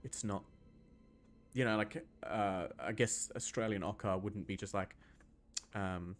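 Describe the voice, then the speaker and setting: Young scottish-born guy, deepish voice, rambly casual game chat w/ lots of ums. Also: fairly even intonation, takes it slowly, long pauses, faint music behind. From Scotland. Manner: rambling and loose, many ums and restarts. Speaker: gaming video host. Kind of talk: casual gameplay commentary answering chat.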